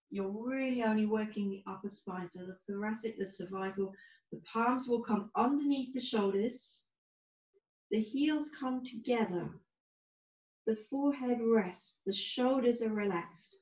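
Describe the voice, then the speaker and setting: Woman yoga teacher, soothing slow cues, echoey room, muffled lo-fi sound. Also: fairly high pitch. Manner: calm, gentle, unhurried cues. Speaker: yoga instructor. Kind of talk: guided yoga class instruction. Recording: roomy, distant, dull-sounding recording.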